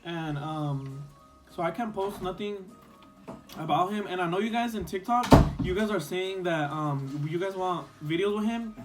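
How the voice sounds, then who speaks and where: A man's voice: high voice, measured pace, over music. A young man telling a storytime vlog story in casual chat, rambling with lots of fillers and a few Spanish words. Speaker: vlogger.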